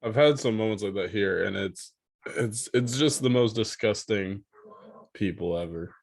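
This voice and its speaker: A man's voice: lowish voice, unhurried, vocal fry. A man co-hosting a podcast, chiming in with short laid-back remarks in casual chat.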